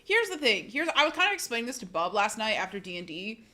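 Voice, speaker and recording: Woman streamer, casual chat, bright tense tone, pitched a bit high, quick laughs, loose swearing. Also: sing-song. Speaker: live streamer.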